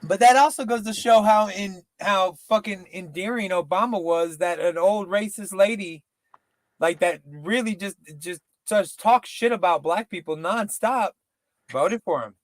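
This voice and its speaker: A man in casual, profane podcast chat, rambling and slipping into quick impressions. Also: sits high, no echo. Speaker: podcast co-host.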